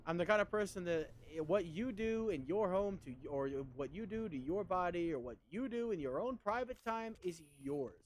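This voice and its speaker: A man's voice: sits high, expressive, normal speed, hardly any pauses, a little hiss or hum. A man in his thirties chatting casually on a stream, rambling and conversational. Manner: rambling, conversational, with many fillers and restarts. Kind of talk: casual chat while streaming.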